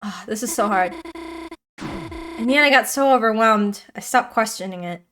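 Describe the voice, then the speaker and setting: A woman voicing a shy, anxious teenage reindeer girl while reading game dialogue aloud, in a soft, hesitant manner. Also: on the high side, moderate pace, soft background music, close to an everyday voice. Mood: uneasy.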